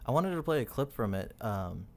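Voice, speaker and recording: A man hosting a comedy interview podcast, upbeat and friendly, asking questions with quick laughs. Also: medium pitch, sing-song, darkish tone, a little hiss or hum. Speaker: podcast host. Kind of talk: casual interview.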